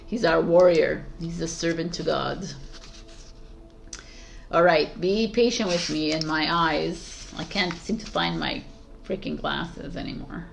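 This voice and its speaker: A woman's voice: on the low side, gravelly, fairly bright tone. A woman giving a casual tarot reading, eager and emphatic, repeating words for stress and swearing offhandedly. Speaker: tarot reader.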